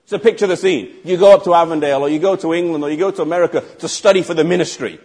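A man's voice: a little high, rapid-fire, a little mellow, slightly rough. A man preaching a sermon, emphatic and asking the congregation rhetorical questions.

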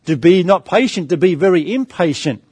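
A middle-aged man preaching a sermon in a high voice, recorded close and dry. He calls his listeners friends, asks them questions and answers them himself, and tells stories from his own life. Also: lively intonation, normal speed, a little mellow, husky, no room sound. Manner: storytelling anecdote with varied pace.

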